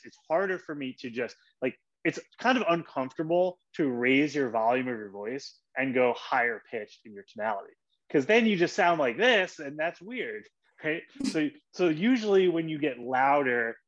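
A man hosting his own podcast, giving an energetic coaching monologue and acting out short example voices. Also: mid-range voice, muffled recording. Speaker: podcast host.

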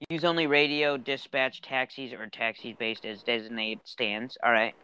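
A man's voice: medium pitch, flat delivery, moderate pace, pushed and bright, a little hiss or hum. A man co-hosting a podcast in casual chat, reading bits of an article aloud with dry asides. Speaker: podcast co-host.

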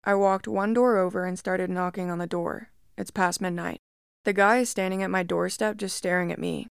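A woman narrating creepy reddit stories in a steady, measured first-person reading. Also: fairly low pitch, creaky, smooth, dry recording, clean studio sound. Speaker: story narrator.

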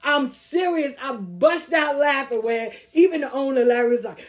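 A woman's voice: high voice, expressive, normal speed. A woman hosting a podcast, telling stories casually in a blunt, profane, streetwise way and laughing as she goes. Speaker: podcast host. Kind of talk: casual storytelling.

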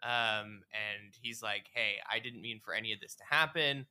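A man with a strikingly bright, punchy voice recaps a video game with friends. He tells it like a story, acts out the characters' lines and curses for emphasis, in a loose, conversational way. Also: on the low side, normal speed, clean tone. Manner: animated storyteller, acts out dialogue, swears.

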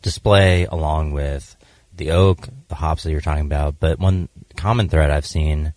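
Super deep voiced guy hosting a podcast, loose chatty, lots of likes and ums. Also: normal speed, dry recording, studio quality. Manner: relaxed, filler-heavy talk. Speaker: podcast host. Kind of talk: casual chat.

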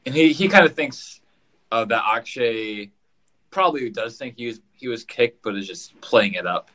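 A man's voice: medium pitch, lively intonation, moderate pace, sharp tone, poor audio. A man co-hosting a casual podcast, recapping an episode in a rambling way and repeating words as he goes. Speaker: podcast co-host.

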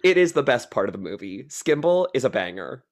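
An enthusiastic man co-host with a lively, swooping pitch, raving about a movie in relaxed chat. He teases his partner with a dry edge, heard over a remote call. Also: brisk. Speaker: podcast co-host.

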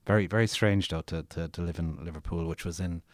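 A very deep-voiced Irish man who reads aloud with real theatrical flair and talks in long, winding anecdotes. His voice is picked up close and dry, with almost no room sound around it. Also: steady tone, fairly quick, no echo. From Ireland. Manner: theatrical, dramatic reader; rambling, chatty storyteller with restarts. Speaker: author and podcast guest. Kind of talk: reading his own fiction, then relaxed conversation.

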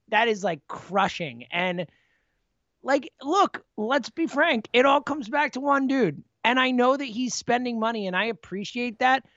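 A fairly high-voiced man co-hosting a casual sports podcast. He rants with animated, frustrated energy and keeps restarting his sentences. His voice sounds close, dry and a bit dull. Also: gravelly, no room sound.

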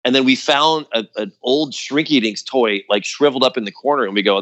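A man telling a story about his old band in casual chat, acting out quotes in a higher voice, with lots of fillers. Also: fairly quick, fairly bright tone, lo-fi sound. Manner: loose and chatty, many fillers like "like" and "you know". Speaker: guest musician.

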